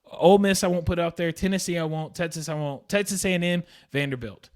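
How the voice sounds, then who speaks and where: A young man hosts a solo sports podcast, his voice sitting a little high for a man. He talks in a heated, exasperated rush and circles back over the same points again and again. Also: a little fast, darkish tone. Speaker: podcast host.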